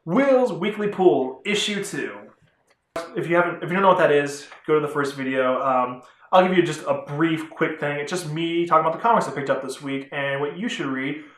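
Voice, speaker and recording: A man's voice: on the high side, brisk. A man rambling through a casual vlog review of comic books, chatty and often correcting himself. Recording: roomy echo.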